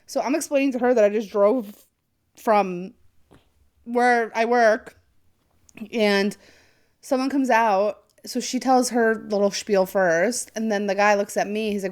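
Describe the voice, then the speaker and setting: A young woman with a medium-pitched voice speaks a little slowly. She co-hosts a podcast and tells a story in casual chat, animated and swearing often, acting out the people she quotes.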